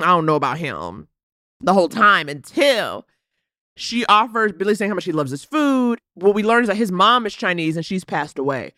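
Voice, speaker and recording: A podcast co-host with a mid-range voice recaps a film in a casual review, animatedly acting out the characters' lines. The recording is clean studio sound with no echo.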